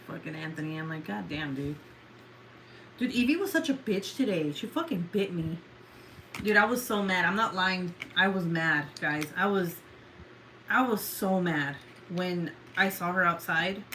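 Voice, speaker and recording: A woman's voice: fairly low pitch, normal speed, pushed and bright, a little hiss or hum, rough recording. A woman in her thirties chatting casually with viewers, swearing, rambling and laughing often. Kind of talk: casual chat.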